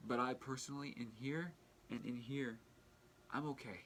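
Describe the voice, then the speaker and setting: A man's voice: mid-range voice, fairly even intonation, a bit bright, a little hiss or hum. Earnest young man, tearful heartfelt vlog. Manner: earnest and heartfelt, halting with restarts. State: tearful, fighting back crying. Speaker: vlogger. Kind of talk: emotional personal vlog.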